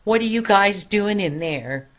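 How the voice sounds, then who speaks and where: A grandmother voicing a stern, tall policeman in a storybook tale, giving sharp, commanding orders. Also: medium pitch, animated, measured pace, voice pushed up, close to an everyday voice. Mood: demanding.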